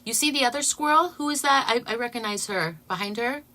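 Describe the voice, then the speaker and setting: A woman chats to her viewers on a casual livestream in a bright, forward voice. She is excitable and keeps breaking into laughter. Her talk is loose and gushing. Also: on the high side, quick pace. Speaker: channel host.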